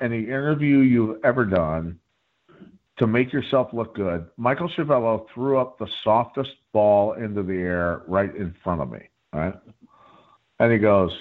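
A man guest telling a rambling story in a profane, animated way during a casual chat. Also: on the low side. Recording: phone-like line.

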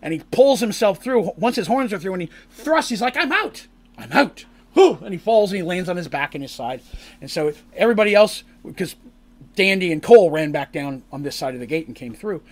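A man recapping a tabletop role-playing session as game master, in animated storytelling that bursts into acted character lines. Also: high-pitched, fairly quick. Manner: lively, acts out characters' lines in shouts and squeals.

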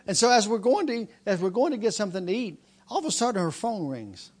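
A man preaching a sermon, telling a personal story and then building into a loud, repetitive preaching cadence. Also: sits high, sing-song, fast, breathy edge.

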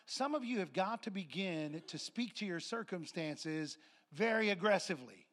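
A man's voice: high-pitched, lively intonation, moderate pace, fairly bright tone. A man preaching a sermon to his congregation, telling a story and acting out voices and laughter. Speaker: pastor. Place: church sanctuary with congregation.

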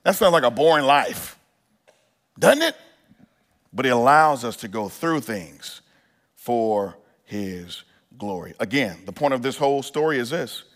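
A man's voice: medium pitch, lively intonation, measured pace, long pauses, fairly bright tone. A male pastor preaching a sermon in an earnest style, building to emphatic peaks and often restarting his phrases.

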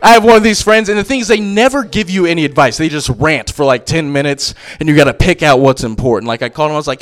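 A man's voice: a little high, fast, few pauses. A young man doing a stand-up comedy set on a club stage, telling brash, profane stories into a handheld mic.

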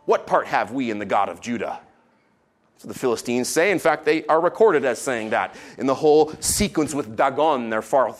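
A man preaching a sermon, animated and playful, swinging between loud exclamations and quiet asides. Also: fairly high pitch. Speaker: pastor.

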